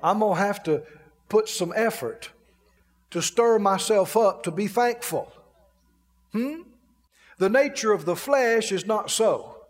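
A man's voice: high voice, takes it slowly, pauses often, big-room sound. A man preaching a sermon in a folksy way, laughing as he acts out grumbling complaints.

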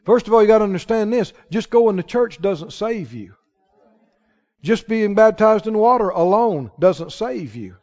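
A man's voice: sits high, expressive, normal speed, darkish tone. A male pastor preaching a sermon with emphatic, rising declarations to a church congregation. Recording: dull sound with long hall reverb.

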